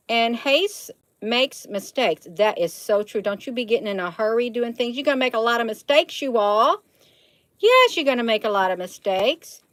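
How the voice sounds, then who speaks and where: A woman's voice: on the high side, no room sound, poor audio. A middle-aged woman hosting a casual livestream, reading proverbs aloud and chatting folksily with viewers, calling them honey. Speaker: livestream host.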